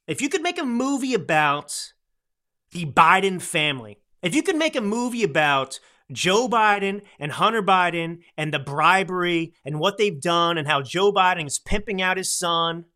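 Man, podcast host, political commentary, bright tone, higher-pitched, animated, rambling, close mic. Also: moderate pace. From United States. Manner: animated, rambling, swings between loud and soft. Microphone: close studio microphone.

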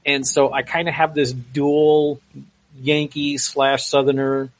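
A man's voice: mid-range voice, flat delivery, slow pace, no echo. A man from Connecticut and Florida in a casual chat, joking with stammering restarts and laughing as he talks. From Connecticut and Florida, USA.

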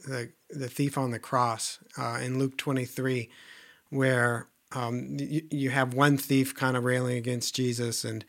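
A man hosting a podcast interview, speaking earnestly and often dropping to a quiet voice. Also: mid-range voice, level tone, measured pace. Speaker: podcast host. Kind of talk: conversational interview.

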